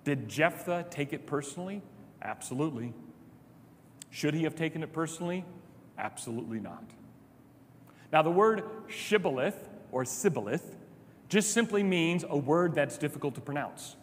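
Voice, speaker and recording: A male pastor delivers a sermon, swinging from animated retellings to hushed low remarks. His voice sits a little high for a man. The sound carries a long reverb from a large hall. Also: moderate pace, pauses often, slight background noise. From Chicago. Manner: animated storytelling, drops to soft low asides.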